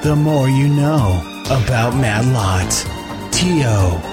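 A man narrating a mock biographical tribute in a slow, solemn way. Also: medium pitch, animated, music in the background.

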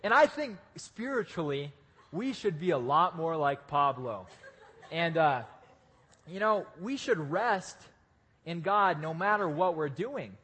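A man preaching a casual, joking sermon to a live audience, with lively restarts. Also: on the high side, slow pace, breathy edge. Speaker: pastor. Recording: echoey hall.

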